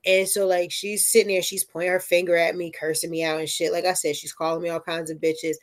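A woman telling a story in casual chat, animated and profane, often checking in with "right?". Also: on the low side, fast talker.

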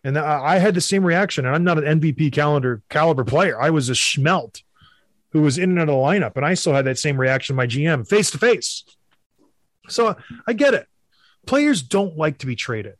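A man, a former hockey player, co-hosting a casual sports talk show and telling stories with animated emphasis. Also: fairly high pitch, brisk, no echo, clean studio sound.

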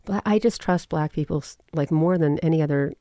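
Animated woman telling a personal story. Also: deep voice, a little fast, no room sound, studio quality. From California. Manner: animated storyteller, quotes people in voices. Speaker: guest. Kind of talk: casual interview talk.

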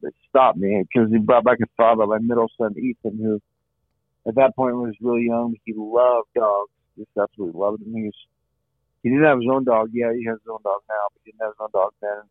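A middle-aged man, interviewed as a guest, earnestly recounts his own story in a lowish, steady, brisk voice. He repeats phrases and says "you know" often, on a dry, phone-like line.

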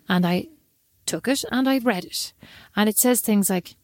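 A woman co-hosting a casual chat show, telling self-deprecating stories in an animated way. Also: medium pitch, moderate pace, no room sound, studio quality. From Ireland. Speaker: podcast co-host.

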